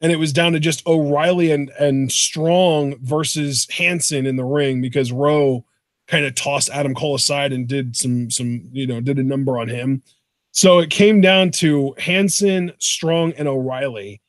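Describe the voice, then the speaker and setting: Excitable man, dry close sound. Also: fairly high pitch, a little slow, dry recording. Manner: excitable, swears casually. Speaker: podcast co-host. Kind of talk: casual chat.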